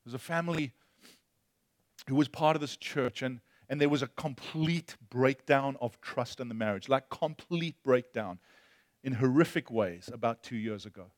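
A man's voice: medium pitch, normal speed, no echo. Impassioned male pastor, dry sound. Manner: impassioned, swinging from loud preaching to hushed storytelling. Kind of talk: sermon.

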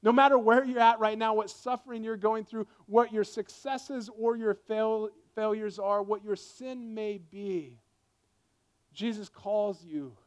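A man preaching a sermon, impassioned, swinging between loud rising lines and hushed quiet ones. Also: high voice, fairly even intonation, unhurried, smooth. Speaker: pastor.

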